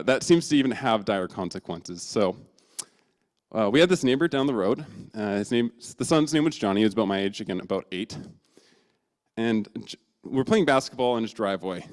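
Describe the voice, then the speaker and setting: A male preacher tells a childhood story, his voice rising and falling a lot. He sounds casual and self-deprecating, with a middle-pitched voice. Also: a little mellow. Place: church.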